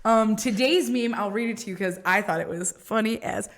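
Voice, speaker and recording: A woman's voice: medium pitch, moderate pace. A young woman co-hosting a podcast, telling rambling stories in casual chat, swearing and laughing often. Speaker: podcast co-host.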